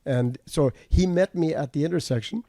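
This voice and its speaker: Mellow-voiced male trucker, matter-of-fact. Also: fairly high pitch, normal speed, dry recording, studio quality. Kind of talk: casual storytelling. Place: studio table.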